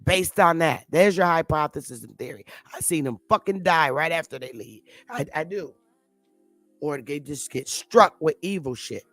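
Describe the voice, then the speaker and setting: This woman's low, animated voice has a fairly bright tone and a moderate pace as she rants her opinions unscripted. A commentary vlogger, she's blunt, defiant and combative, swearing heavily and repeating herself; there's no room sound and soft background music.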